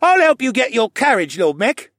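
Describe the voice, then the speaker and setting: A man voicing a high, grumbling stable boy. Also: sing-song, normal speed, fairly bright tone, no echo, clean studio sound, exaggerated voice. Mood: upbeat. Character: grumpy young stable boy, scrappy and indignant.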